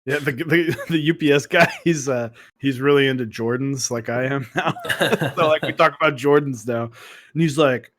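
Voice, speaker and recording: A man co-hosting a casual chat, telling animated stories and laughing often. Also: mid-range voice, moderate pace. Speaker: podcast co-host.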